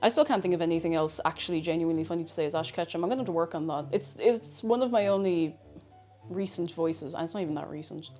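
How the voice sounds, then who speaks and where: Faint music runs behind this fast, lowish, darkish-toned voice. She's an Irish woman streaming as she cooks, making chatty, rambling small talk and breaking off her own sentences.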